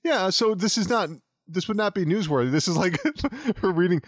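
A man with a high, expressive voice co-hosts a podcast, chatting casually and mockingly about a movie and laughing often. He speaks at a normal speed, and the recording is dry with clean studio sound.

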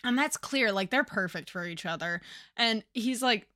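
A woman with a bright, forceful voice, recorded close and dry, chatting on a podcast. She retells a book scene with enthusiasm and slips into the characters' lines. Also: mid-range voice, moderate pace, dry recording. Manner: animated retelling with quoted dialogue and laughs. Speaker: podcast co-host. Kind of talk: casual book-club chat.

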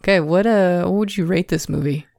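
A man's voice: high-pitched, fairly quick, vocal fry, darkish tone, no room sound, clean studio sound. A young adult man co-hosting a podcast, chatting casually about a movie in a rambling way full of fillers. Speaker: podcast co-host. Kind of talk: casual film chat.

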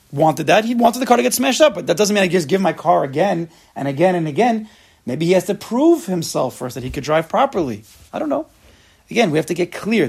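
A man's voice: on the high side, gravelly, breathy edge. A man teaching an informal religious class, talking straight to his listeners and acting out the people in his stories. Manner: lively, acts out quotes, talks to the class.

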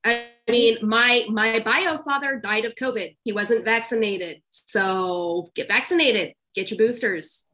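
Mom on a podcast, kinda high voice, sick, blunt. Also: female voice, a little slow, few pauses, bright, forceful tone. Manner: matter-of-fact, blunt. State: sick with covid. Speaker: podcast co-host and mother. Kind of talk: casual chat.

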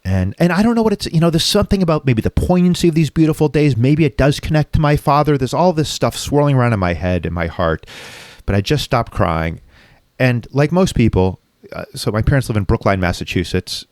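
A man's voice: medium pitch, big pitch swings, brisk, darkish tone, no room sound, studio quality. A man telling a personal story in conversation, raw and reflective, swearing freely as he talks. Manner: raw, reflective, frequently profane.

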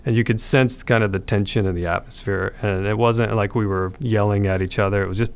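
A man's voice: fairly low pitch, steady tone, fairly quick, smooth. A man, a podcast guest, telling his conversion story in an earnest, reflective way with frequent restarts.

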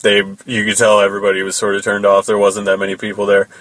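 A man's voice: lowish voice, completely flat delivery, fast, fairly bright tone, no room sound, low-quality recording. A man hosting a podcast, telling a loose, rambling story about his band and swearing casually. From United States. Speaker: podcast host and metal musician.

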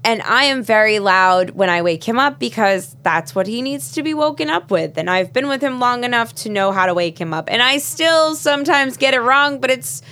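A woman in her thirties with a fairly high voice tells family stories on a casual podcast. She is animated and expressive, acting out little bits of dialogue as she goes. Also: normal speed, hardly any pauses. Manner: animated storyteller, acts out her baby's cries. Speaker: podcast co-host. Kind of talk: casual chat.

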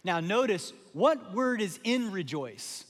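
A man's voice: high voice, sing-song, takes it slowly, long reverb tail. A middle-aged man preaching a sermon as lead pastor, conversational and emphatic, often repeating his phrases. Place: large church auditorium.

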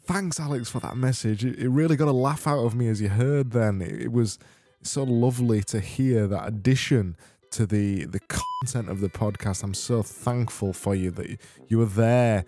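A man's voice: mid-range voice, normal speed, warm tone, soft background music. A man hosting a comedy podcast, sarcastically gushing thanks to listeners in a mock-cheerful monologue with stammering restarts. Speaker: podcast host.

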